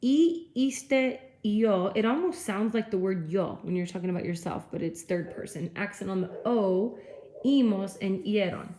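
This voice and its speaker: A woman's voice: mid-range voice, moderate pace, warm tone. A woman teacher giving a classroom lecture, explaining step by step and checking in with frequent okays. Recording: echoey room, faint noise.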